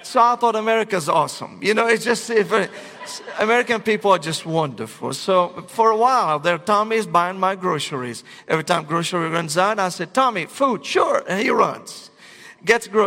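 Middle-aged preacher, comic storyteller, higher male voice, big-hall reverb. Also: normal speed. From Syria. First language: Arabic. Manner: animated, comic storytelling to a congregation. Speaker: pastor. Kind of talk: sermon with humorous storytelling. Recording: long reverb of a large hall.

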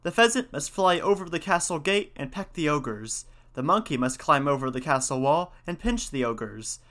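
A man's voice: a little high, big pitch swings, normal speed, a bit bright. A man voicing a bold, cheerful young hero in a storybook reading, eager and commanding.

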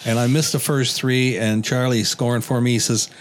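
An older man on a podcast who tells his stories plainly and without hurry, in a voice of average pitch. A faint hum of ambient noise sits behind him. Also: steady tone. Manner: plain, unhurried storytelling. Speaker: podcast host. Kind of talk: casual chat.

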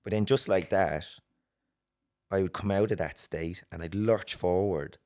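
Irish guy, really low voice, telling his story in bits and restarts. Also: a little mellow. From Ireland. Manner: earnest, halting, with many restarts. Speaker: guest. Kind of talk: personal story in a podcast interview.

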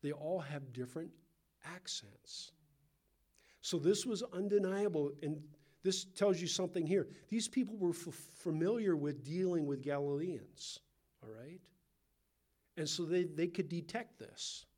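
A pastor with a Californian accent teaches a Bible passage in a relaxed, conversational sermon, adding asides and posing questions to listeners. His voice is on the high side and unhurried.

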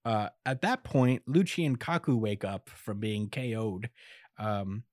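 A man's voice: on the low side, measured pace, a little mellow, no echo, studio quality. A man in casual chat recapping an anime episode, laid-back and chuckly, with lots of fillers.

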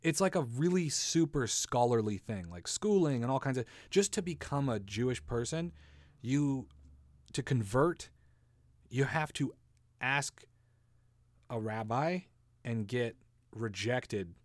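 A man's voice: medium pitch, lively intonation, slow, long pauses, no room sound. Dry-miked man riffing on a comedy podcast. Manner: rambling, sarcastic, laughs at own jokes; swears casually, slips into silly voices. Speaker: podcast host.

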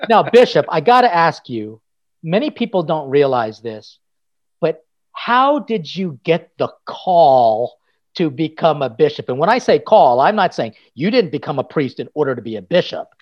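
Upbeat priest hosting a chat, higher voice. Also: male voice, sing-song, muffled recording. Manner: upbeat, jokey, quick asides. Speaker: priest and podcast host. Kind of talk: casual interview chat.

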